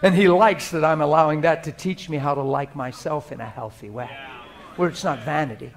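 A middle-aged man preaching a sermon to a live congregation, moving from hushed prayerful murmurs to loud, animated, laughing storytelling. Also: fairly high pitch, fairly quick, gravelly. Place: church hall before a live congregation.

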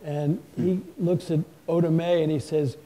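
A man with a very dark, mellow, somewhat higher voice, spinning folksy anecdotes in a live onstage talk. He acts out quotes as he goes and drifts between loud and quiet. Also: fairly even intonation, moderate pace, low-quality recording. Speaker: guest author. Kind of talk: live stage conversation, storytelling.

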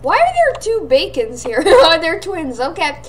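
A young woman giving excitable gameplay commentary, often squealing and laughing as she plays. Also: very high voice, unhurried, a little hiss or hum. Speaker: gaming channel host.

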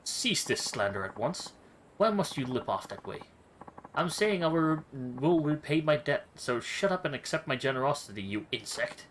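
A man's voice: medium pitch, big pitch swings, normal speed, fairly bright tone, slight background noise, low-quality recording. A man voicing a pompous male nobleman in his thirties who speaks with haughty, florid insults.

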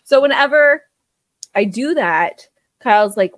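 A woman's voice: high-pitched, expressive, unhurried, dry recording. A woman co-hosting a podcast in casual chat. She swears freely, laughs often and acts out quotes from shows. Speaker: podcast co-host.

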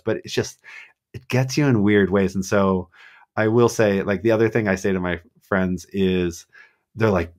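A man on a podcast telling running stories in a casual, animated way, acting out quotes with lots of fillers. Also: deep voice. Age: adult with a child. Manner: animated storyteller, acts out quotes, many fillers. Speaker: guest marathon runner.

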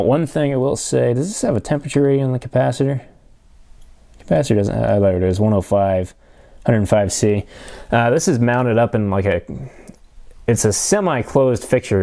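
A man casually narrating an electronics teardown, thinking aloud with frequent fillers and pauses. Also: fairly low pitch, mellow. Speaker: electronics hobbyist vlogger.

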